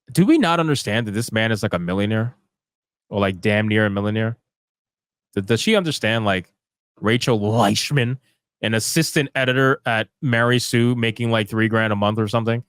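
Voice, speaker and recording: A man's voice: on the low side, lively intonation, normal speed, fairly bright tone, smooth, dry recording, studio quality. A man giving sarcastic, ranting live commentary as a streamer, firing off rhetorical questions. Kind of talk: live commentary reading tweets.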